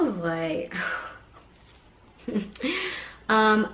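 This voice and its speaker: A woman's voice: fairly low pitch, normal speed. Chatty woman in an echoey room. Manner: chatty, many fillers, animated retelling. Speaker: vlogger, mother. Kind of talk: casual storytime.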